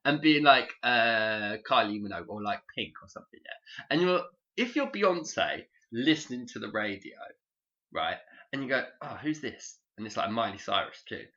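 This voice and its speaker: Bright, animated man chatting. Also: mid-range voice, moderate pace. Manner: animated, swears freely, laughs often. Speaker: podcast co-host. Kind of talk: casual chat. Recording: dull lo-fi sound.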